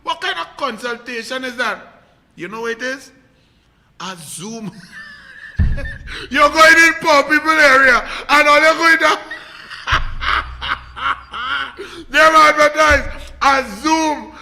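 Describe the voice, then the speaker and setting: A man's voice: extremely high pitch, unhurried, bright, forceful tone, slight background noise, voice pushed up, full character voice. A man doing a mocking male political commentator in a Trinidadian accent, ranting sarcastically in a sing-song, preachy way. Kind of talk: political satire rant.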